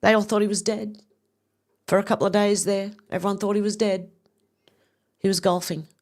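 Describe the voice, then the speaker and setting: A woman's voice: medium pitch, little pitch movement, moderate pace, darkish tone. Chatty woman commentator. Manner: chatty, opinionated, rambling asides. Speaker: video commentator. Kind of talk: casual commentary reading out social posts.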